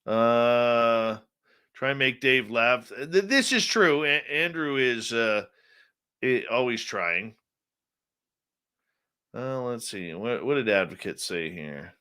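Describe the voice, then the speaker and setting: A man's voice: mid-range voice, animated, slow, long pauses, bright, forceful tone, smooth. A man hosting a radio talk show, chatting casually and reading out the live chat, sounding tired and yawning.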